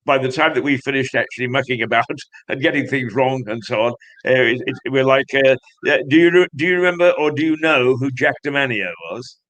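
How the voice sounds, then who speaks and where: A male host of a magazine show, interviewing a guest in a jovial, halting way. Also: mid-range voice, fairly bright tone, poor audio. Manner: hesitant, many fillers and restarts, jovial.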